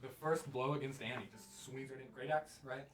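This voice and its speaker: A man narrating a tabletop game as game master, in a relaxed, descriptive way with fillers. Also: medium pitch, fairly quick, noisy background. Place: room with a group at a table. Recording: roomy, distant mic with crowd chatter.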